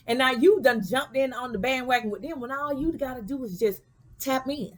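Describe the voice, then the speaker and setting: A woman with a high voice gives a spiritual guidance talk in an easygoing, preachy way. She speaks in casual vernacular and keeps checking in with her listeners. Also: brisk, a bit bright. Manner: preachy, repeats "okay?" and "you know what I'm saying" to the listener. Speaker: spiritual teacher.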